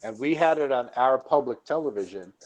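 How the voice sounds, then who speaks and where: A man's voice: mid-range voice, animated, fairly quick, rough recording. A man chatting casually on a live call, enthusiastic and prone to repeating words as he starts a thought. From United States.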